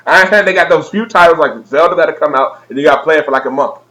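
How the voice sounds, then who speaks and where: A man's voice: fairly high pitch, rapid-fire, bright, forceful tone, rough recording. A young man vlogging a comedic rant, profane and exaggerated, laughing at his own jokes.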